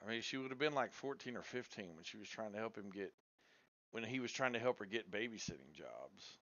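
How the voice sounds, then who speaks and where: A man's voice: lowish voice, animated, a little fast, sharp tone, no echo, muffled recording. An American man telling crude stories in casual group chat, laughing as he goes. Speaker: debate show host.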